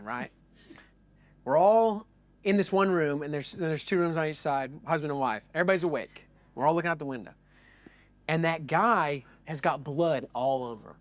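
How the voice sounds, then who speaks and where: A man telling tall tales casually, with lots of fillers, acting out the people in his stories. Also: a little high. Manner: animated, acts out voices in his stories; frequent fillers like "like". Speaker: storyteller host.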